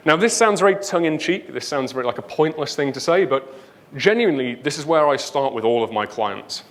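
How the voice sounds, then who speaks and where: A man's voice: fairly high pitch, a little fast. A man with a Northern English accent giving a chatty talk to an audience at a tech conference, often dropping in "right?" and "um". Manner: lively, chatty, leans on "right?" and "um". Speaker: conference speaker. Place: conference stage before an audience.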